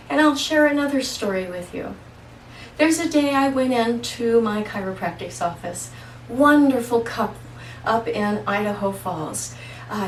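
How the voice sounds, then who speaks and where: A woman holistic practitioner telling personal stories in a casual monologue, slow, emphatic and earnest. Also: on the high side, recorded from a distance, a little hiss or hum. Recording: echoey room, voice away from mic.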